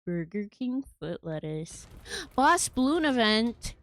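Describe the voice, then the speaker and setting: A woman's voice: fairly high pitch, sing-song, slow pace, a bit bright, no room sound. A woman livestreaming from home, chatting playfully and giggling with her viewers at a desk microphone. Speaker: streamer. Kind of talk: casual livestream chat. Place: home room.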